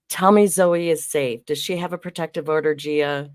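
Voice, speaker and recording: Livestream host, female; deep-ish, laughs easily, greets chat by name, close and dry. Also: fairly even intonation, moderate pace, a little mellow, no room sound. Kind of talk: casual live-stream chat.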